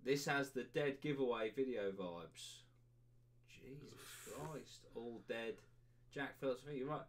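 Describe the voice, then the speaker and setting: A man's voice: medium pitch, unhurried. A young man hosting a podcast, reading out chat comments in crude, jokey banter with lots of laughing. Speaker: podcast host.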